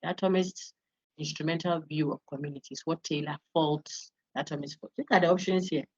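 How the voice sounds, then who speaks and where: A woman's voice: deep voice, steady tone, brisk, breathy edge, no echo, lo-fi sound. A woman lecturer going over quiz answers in an online class, explaining each option step by step and calling on students to read. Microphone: video call.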